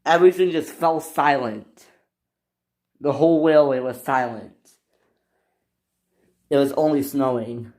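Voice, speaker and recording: Man narrating a toy train story slowly. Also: medium pitch, a little mellow. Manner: plain, halting narration with restarts. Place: indoors at a toy train layout.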